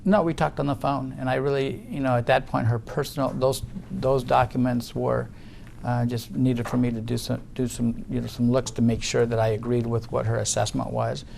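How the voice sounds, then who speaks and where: A man's voice: medium pitch, level tone, normal speed, vocal fry, a little mellow, slight background noise. A middle-aged man giving deposition testimony, guarded and insistent, often restarting his sentences. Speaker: witness in a legal deposition.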